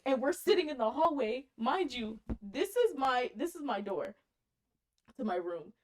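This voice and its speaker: A woman podcast co-host telling a story in casual chat, animated, laughing often and swearing casually. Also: high voice, measured pace.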